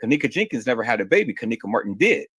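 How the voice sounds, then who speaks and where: A man's voice: medium pitch, very animated, very fast, fairly bright tone, slightly rough, no echo. A man hosting a livestream and answering viewer questions, emphatic and insistent, often stammering and repeating words. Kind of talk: heated livestream talk.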